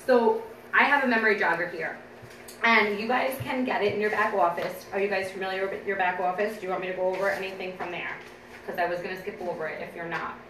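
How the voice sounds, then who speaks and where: A woman's voice: medium pitch, steady tone, fast, fairly bright tone. An upbeat woman chats through a training session for a small group. She sits well back from the mic in a roomy, echoing space. A faint hiss stays in the background. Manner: chatty and upbeat, laughs often, acts out store chats. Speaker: team trainer. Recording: echoey room from a distance, faint background noise.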